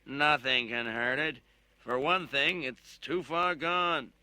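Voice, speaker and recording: A man's voice: medium pitch, slow, bright, forceful tone, smooth, no room sound. A man voicing a sneering, blustering male shopkeeper in an audiobook reading. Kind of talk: audiobook narration with character voices.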